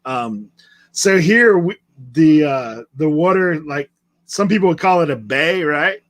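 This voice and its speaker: A man's voice: a little high, expressive, measured pace. Chatty man with a Southern twang. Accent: mixed Southern and Outer Banks. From Outer Banks, North Carolina. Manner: rambling, storytelling, laughs easily. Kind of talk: casual live-stream chat.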